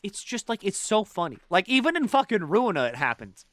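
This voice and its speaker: A young man streaming a game, chatting casually in a rambling, excitable way, swearing often and acting out silly character voices. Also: high-pitched, a little fast, no echo. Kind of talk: casual chat while gaming.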